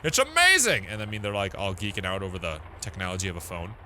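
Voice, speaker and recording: A man's voice: sits low, fairly even intonation, quick pace, a bit bright, slight background noise, poor audio. A man giving casual let's-play commentary, joking crudely and reacting as he plays. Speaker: gameplay commentator.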